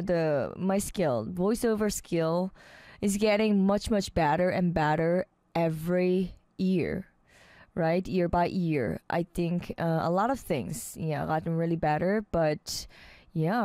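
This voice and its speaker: A woman's voice: on the low side, darkish tone, no echo. A woman hosting a radio show, chatting casually and cheerfully and laughing often. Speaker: radio host. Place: radio studio.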